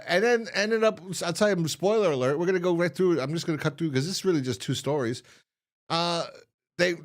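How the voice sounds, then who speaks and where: A man casually recapping a TV episode, rambling and acting out lines in quick high-pitched voices. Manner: rambling retelling, jumps into high quoted voices for characters. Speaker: show host reviewing a TV episode.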